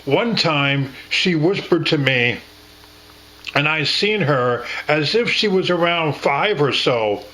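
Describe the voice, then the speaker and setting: A man speaking as a grieving father, slow, earnest and sincere. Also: on the high side, expressive, sharp tone, poor audio. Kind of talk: intimate spoken conversation.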